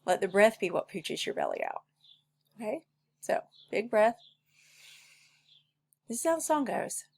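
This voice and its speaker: A woman's voice: mid-range voice, huge pitch swings, unhurried, creaky, long pauses, darkish tone, breathy edge. A woman music teacher giving a recorded lesson for children, patient and encouraging, who shows each step by singing it herself. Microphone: recorded at home for a video lesson.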